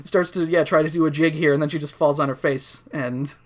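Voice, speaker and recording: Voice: medium pitch, steady tone, fairly quick. Joking podcast co-host recapping. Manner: joking, laughs often, mocks characters in silly voices. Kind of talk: casual recap chat.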